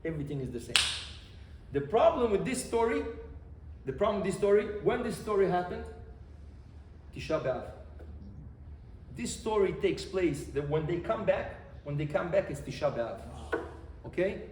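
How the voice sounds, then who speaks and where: A man, a rabbi, giving an animated Torah lesson, repeating phrases and quizzing his listeners. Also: high-pitched, normal speed, pauses often. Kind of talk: Torah lesson to a live group. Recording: echoey room, faint background noise.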